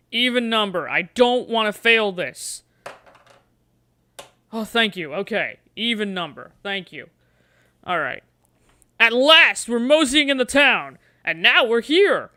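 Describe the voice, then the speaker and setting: A woman streaming a gamebook, chatting playfully and coaxing her dice. She talks at an unhurried pace with a bright, clear tone. The sound is dry and close. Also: mid-range voice, no room sound. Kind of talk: livestream playing a gamebook.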